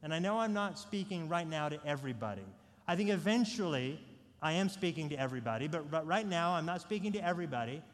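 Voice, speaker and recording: A male pastor preaching a sermon, dynamic, swinging between soft intimate lines and loud emphatic ones, with repeated rhetorical questions. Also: a little high, animated, fast talker. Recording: long hall reverb.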